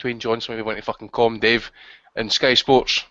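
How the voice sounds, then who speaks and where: A man's voice: medium pitch, level tone, normal speed, pushed and bright. A man hosting a podcast, ranting and swearing constantly in casual banter. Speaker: podcast host. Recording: dull lo-fi sound.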